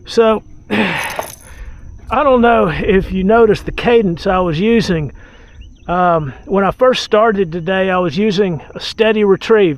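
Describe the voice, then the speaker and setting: Man, relaxed, sighing, fairly high voice, outdoors on a lake boat. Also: takes it slowly. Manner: relaxed, talks to the fish, frequent sighs. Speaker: fishing vlogger. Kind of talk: casual on-the-water commentary.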